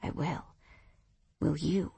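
A woman's voice: slow pace, warm tone, no room sound, natural voice. A woman murmuring as a sleepy, groggy man. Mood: sleepy tender. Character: sleepy tender adult male lover.

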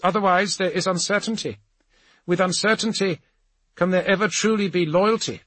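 A man reading as a cold, calculating female envoy of a machine cult, speaking in clipped, clinical logic, pitched higher than his narration with a husky edge. Her lines are insistent and come from a dry, close recording. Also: moderate pace, fairly bright tone, no echo.

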